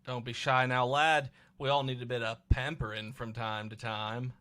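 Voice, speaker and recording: A man voicing a flirty female spa attendant, slow, sultry and sing-song. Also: medium pitch, level tone, bright, forceful tone, natural voice. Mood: teasing.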